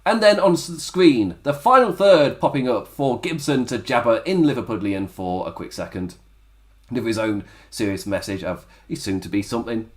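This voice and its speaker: A man's voice: mid-range voice, lively intonation, normal speed. A man hosting a wrestling review podcast, talking casually in a rambling way, laughing often and dropping into mock voices. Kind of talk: casual solo review commentary.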